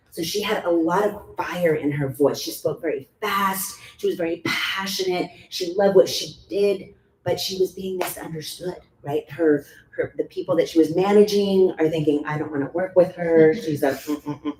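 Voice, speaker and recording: A middle-aged woman vocal coach leads a workshop in a chatty, demonstrative way. Her voice sits low and mellow. The room adds a roomy echo and a faint hum. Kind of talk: workshop teaching.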